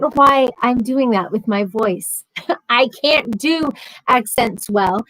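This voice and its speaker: Woman, livestream host, higher voice, dry close sound; chatty and sarcastic while reading comments. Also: slow, fairly bright tone, no room sound, poor audio. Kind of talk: casual chat reading viewer comments.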